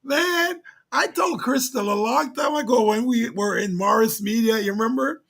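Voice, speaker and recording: Gravelly joking male co-host. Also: very high voice, moderate pace, a bit bright. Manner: joking, playful banter. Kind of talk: casual video-call chat.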